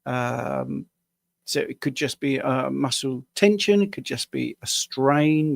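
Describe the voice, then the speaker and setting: Tired UK man coaching a live viewer Q&A at his desk, rambling and self-deprecating, with a gravelly voice. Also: mid-range voice, takes it slowly, no echo. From United Kingdom. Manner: casual, rambling, self-deprecating with small laughs. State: tired after a long day at the screen. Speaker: health coach answering viewer questions. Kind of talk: live Q&A stream.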